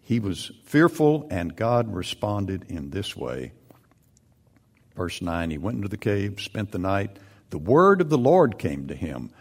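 Animated, low-voiced male preacher. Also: a little slow, breathy edge. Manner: animated, swelling into loud emphatic peaks. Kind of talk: sermon.

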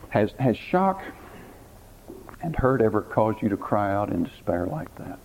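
A man's voice: lowish voice, big pitch swings, normal speed, creaky. A man, a pastor, preaching a sermon, telling a story dramatically and putting questions to the listeners, often repeating words. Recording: tinny phone-like recording, faint hiss.

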